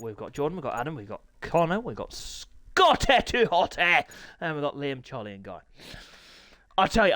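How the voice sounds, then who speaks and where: A man commentates an online motorbike race from his home setup, jumping between hype and silly asides. His voice sits high and swoops with energy, slightly hoarse, recorded close and dry. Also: no echo. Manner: excitable, jokey, self-mocking. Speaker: sim racing commentator. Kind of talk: live esports race commentary. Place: small home room called a commentary box.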